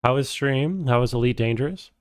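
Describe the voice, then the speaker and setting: A man's voice: medium pitch, fairly quick, clean tone, no echo. A man streaming a first playthrough of a game, chatting casually with viewers and reading dialogue aloud.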